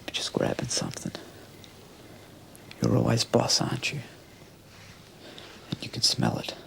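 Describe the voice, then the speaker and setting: An actor playing a leering, menacing Australian criminal who talks crudely and often drops into a rasping whisper. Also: male voice, fairly low pitch, normal speed, slight background noise, lightly acted. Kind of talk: TV police drama acting.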